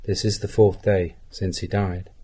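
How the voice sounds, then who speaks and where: A man's voice: sits low, little pitch movement, measured pace, warm tone, husky. A man reading the part of Martha, a grieving woman, in a plain, earnest scripture reading.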